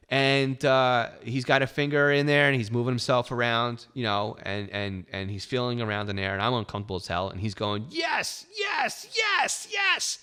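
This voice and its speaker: A middle-aged podcast host tells his own story in a personal monologue, candid and wry with self-deprecating humor. His voice is medium-pitched, sharp, and clean.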